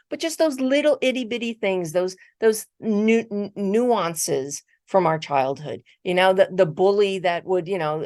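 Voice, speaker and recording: A middle-aged woman giving a motivational keynote, telling a personal story in a conversational, animated way and often repeating words. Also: mid-range voice, no room sound, clean studio sound. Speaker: keynote speaker. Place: virtual conference talk.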